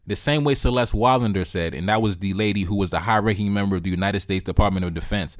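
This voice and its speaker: A man's voice: on the low side, quick pace, hardly any pauses, dry recording. A man hosting a reaction video, giving heated political commentary in a blunt, profane way and repeating his key points, close to the mic.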